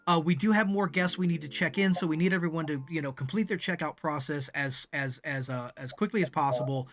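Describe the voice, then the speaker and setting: A man's voice: fairly high pitch, fairly quick, a bit bright, lightly acted. A man quoting a polite hotel manager. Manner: courteous and formal.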